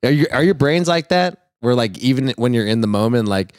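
A man hosting a podcast in casual chat, excitable, swearing and laughing, acting out quotes loudly. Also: mid-range voice, a little fast. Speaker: podcast host.

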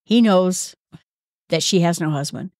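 A woman's voice: lowish voice, unhurried, darkish tone, no room sound, clean studio sound. Conversational woman teaching a Bible lesson. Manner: conversational, quotes figures in everyday speech.

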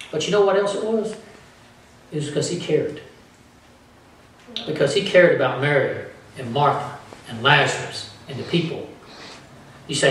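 A man preaching a sermon as pastor, with animated delivery that acts out the voices of the people in his story. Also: high voice. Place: church sanctuary. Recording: echoey church from far off.

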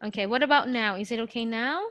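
Filipino lady teacher on a video call, bright highish voice, dry sound, patient, lots of okays. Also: fast, no echo. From Philippines. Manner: patient, thinks aloud with many okays. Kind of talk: online English lesson.

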